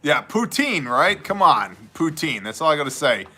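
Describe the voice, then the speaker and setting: A man's voice: fairly high pitch, big pitch swings, moderate pace, bright, forceful tone. A man from Wisconsin hosting a casual livestream, joking and laughing often. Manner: joking, laughs often, mock Canadian voices. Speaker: livestream host.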